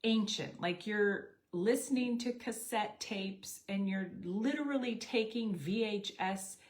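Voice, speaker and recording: A woman's voice: mid-range voice, measured pace. A middle-aged woman telling a personal story casually, acting out bits of dialogue. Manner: animated, acts out dialogue with quoted voices. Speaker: network marketing storyteller.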